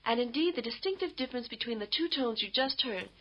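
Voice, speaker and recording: A woman giving scripted instructional narration for a language course, in a measured, explanatory way. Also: a little high, expressive. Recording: dull lo-fi tape audio.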